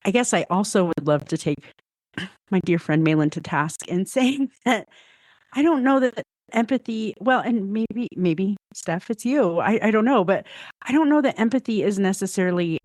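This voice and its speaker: A woman's voice: medium pitch, lively intonation, moderate pace, darkish tone, no echo. A middle-aged woman who is a podcast guest, telling stories and reflecting in casual conversation, often hedging her points. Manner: reflective, storytelling, frequent hedging.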